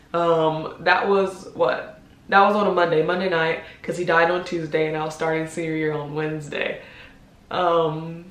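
A young woman speaks in a confiding vlog, and her voice carries a noticeable room echo. She is heartfelt and hesitant, with frequent pauses and ums. She sounds close to tears while she keeps her composure. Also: fairly low pitch. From United States. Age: 20s. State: holding back tears. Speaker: vlogger. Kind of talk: personal confessional vlog. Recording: roomy echo.

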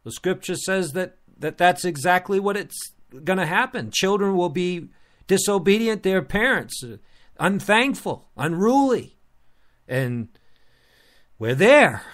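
A man's voice: high-pitched, a bit bright. A man preaching a sermon in an earnest, repetitive style, restarting phrases as he presses his point.

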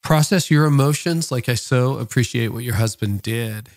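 A man's voice: medium pitch, normal speed, a little mellow, no room sound, clean studio sound. A middle-aged man hosting a podcast, asking questions and thoughtfully sharing his own experience. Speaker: podcast host. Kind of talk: reflective interview conversation.

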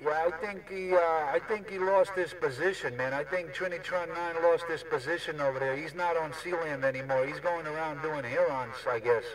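A man drawls his way through CB radio banter packed with jargon. His voice sits a bit high and far off from the mic. A clear crowd murmur runs behind him. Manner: drawn-out, radio-jargon heavy. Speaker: CB radio operator. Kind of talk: casual CB radio chat with trucker lingo. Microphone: CB radio handset. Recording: distant radio voice with crowd noise.

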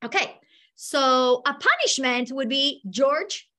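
A middle-aged woman leads a live online teacher workshop over a video call, her voice sitting a little high. She speaks in an animated, upbeat way and coaxes her audience along. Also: unhurried. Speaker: teacher trainer leading a workshop.

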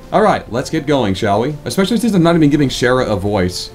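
Deep-voiced man voicing game dialogue. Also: big pitch swings, fast talker, hardly any pauses, faint music behind. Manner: casual, swears, self-deprecating asides. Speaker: gaming channel host voicing a playthrough. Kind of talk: casual let's play with voiced dialogue.

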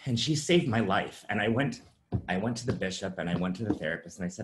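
Deep-voiced man, halting personal testimony. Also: animated, slight background noise. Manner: halting, many fillers and restarts. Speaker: presenter sharing his story. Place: virtual summit presentation.

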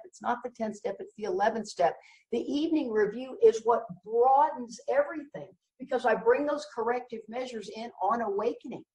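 A woman's voice: a little high, a little mellow, recorded from a distance. A middle-aged woman giving a candid recovery talk in a blunt, emphatic way with wry jokes. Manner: emphatic, blunt and wryly joking. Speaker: recovery meeting speaker. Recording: echoey room, voice from the mic.

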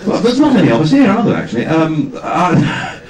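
A man, a guest actor at a fan convention, telling self-deprecating anecdotes on stage with halting restarts. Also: on the high side, wildly swooping pitch, a crowd in the background. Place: large hall with audience. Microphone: far camera, amateur video. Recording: echoey hall from far off, noisy amateur video.

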